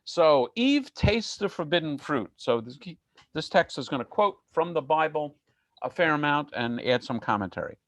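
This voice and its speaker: A man's voice: on the high side, animated, normal speed, a bit bright, dry recording. A man giving an online lecture on myths, talking in a conversational, digressive way with dry jokes.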